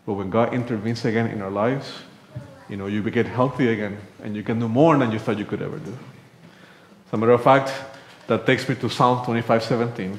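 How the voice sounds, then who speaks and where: A man's voice: mid-range voice, fairly even intonation, brisk, a little hiss or hum. A man preaching a sermon in a church, telling a personal story in a conversational way and acting out the dialogue. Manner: conversational, acts out quoted dialogue. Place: church sanctuary. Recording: echoey church room.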